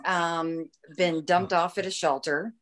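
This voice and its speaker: A woman's voice: lowish voice, fairly even intonation, takes it slowly. A woman chatting in a bubbly, talkative way on a video call and laughing often. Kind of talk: casual video-call chat.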